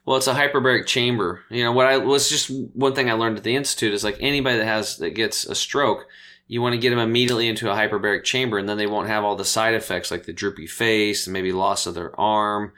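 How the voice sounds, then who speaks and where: A health coach appearing as an interview guest tells stories in a casual, animated way, acting out the voices of the people he quotes. His pitch is fairly low and he talks fast.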